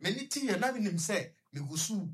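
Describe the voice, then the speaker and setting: A young man with a Ghanaian accent, a guest on a radio discussion, telling a personal story in a halting way and stuttering repetitions. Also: high-pitched, sing-song, breathy edge.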